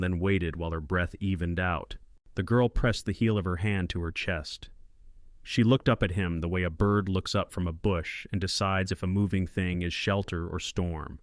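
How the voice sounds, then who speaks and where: Deep-voiced man narrating a western tale. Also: no room sound, studio quality. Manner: low, calm, measured. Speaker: storyteller. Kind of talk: scripted western story narration.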